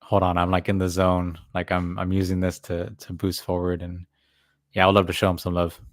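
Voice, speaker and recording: Very deep flat-voiced man. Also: fairly quick, no room sound, studio quality. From California. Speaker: guest DJ. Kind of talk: casual interview chat.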